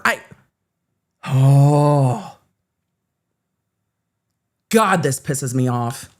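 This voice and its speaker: A woman's voice: on the low side, expressive, normal speed, long pauses. Sarcastic woman ranting on a live legal stream. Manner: reads court filings aloud and comments on them. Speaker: legal commentary host.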